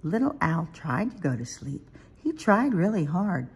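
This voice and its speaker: A woman with a low, slightly husky voice reads a bedtime picture book slowly. Her delivery is gentle and lilting, with lively rises and falls in pitch. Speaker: storybook reader. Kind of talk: children's picture book read-aloud.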